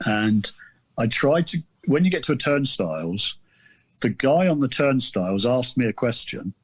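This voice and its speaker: Here a middle-aged author from southern England, appearing as a podcast guest, wanders through a casual, self-deprecating anecdote full of restarts. His medium-pitched voice is slightly rough and expressive, moving at a moderate pace, with no echo in the recording.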